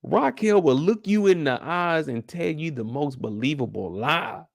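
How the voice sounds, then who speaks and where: Brief: male after-show host, lively gravelly voice, dry close sound, slangy casual recap. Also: fairly high pitch, measured pace, no echo. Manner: animated, slangy storytelling to viewers. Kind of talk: casual episode recap commentary.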